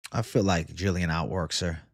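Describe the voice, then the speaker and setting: A man's voice: deep voice, fairly even intonation, normal speed, no room sound, studio quality. A young man from Boston hosting a casual live chat. He talks loosely and swears a lot. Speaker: livestream host.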